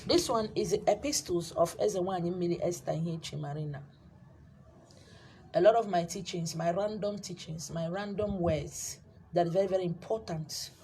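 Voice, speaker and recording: A Nigerian woman, a spiritual teacher, preaching to camera and selling her handouts, emphatic, repeating phrases, swinging from loud to hushed. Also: on the low side, moderate pace, a little hiss or hum.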